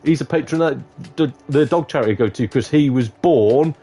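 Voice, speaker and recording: Rambling man, mellow voice. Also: mid-range voice, brisk, breathy edge. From Shropshire, England. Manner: rambling, chatty, swears freely. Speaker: livestream host. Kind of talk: casual live-stream chat.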